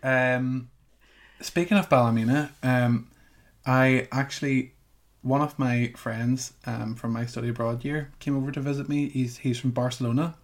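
Man, 20s, podcast co-host, mid pitch, halting easygoing chat. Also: steady tone. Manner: hesitant, many ums and restarts.

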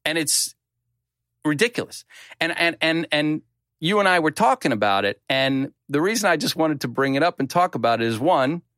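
A man's voice: a little high, lively intonation, normal speed, a bit bright, dry recording, clean studio sound. Man in his fifties telling rambling stories. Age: 50s. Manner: rambling, self-deprecating, with frequent restarts. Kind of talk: casual storytelling chat.

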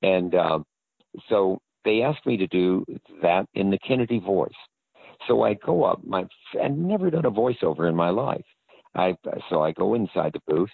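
A man's voice: sits low, animated, normal speed, gravelly, husky, dry recording. An older man, an actor guest in an interview, telling rambling anecdotes. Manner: rambling storyteller. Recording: tinny phone-line audio.

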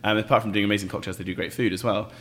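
A man's voice: on the low side, fairly even intonation, rapid-fire, a bit bright, slight background noise. A man from England with an accent from Bath, an actor chatting as an interview guest, with many fillers and frequent laughter. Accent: English, from Bath. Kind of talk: casual interview chat.

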